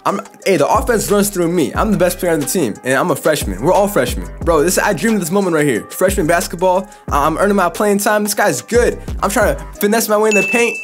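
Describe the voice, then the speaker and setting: A young man with a bright, high voice narrates his video game play by play. He talks in quick bursts, hyping himself up and mocking the other team. Soft music plays faintly underneath. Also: animated. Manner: hyped, trash-talking, rapid reactions. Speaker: gaming YouTuber. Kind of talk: excited gameplay commentary.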